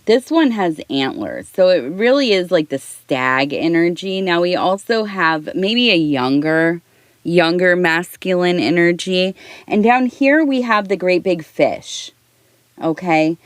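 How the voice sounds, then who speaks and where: A middle-aged woman giving a soft-spoken ASMR tea leaf reading, rambling and talking in circles, close to the mic. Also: lowish voice, expressive, unhurried, no room sound. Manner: rambling, talks in circles with restarts.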